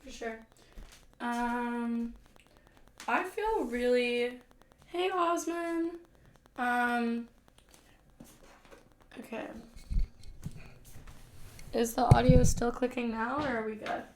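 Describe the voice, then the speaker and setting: A woman's voice: fairly high pitch, very slow, pauses often. A young woman chatting casually with viewers on a live stream at home, complaining in a self-deprecating way. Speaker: livestreamer. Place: room at home. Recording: echoey room with faint background hum.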